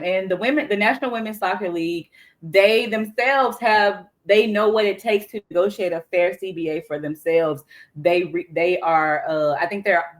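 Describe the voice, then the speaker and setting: A woman with a Southern US accent co-hosting a podcast, chatting in a casual, colloquial way and often breaking off mid-thought. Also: mid-range voice. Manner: chatty, colloquial, self-interrupting. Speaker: podcast co-host.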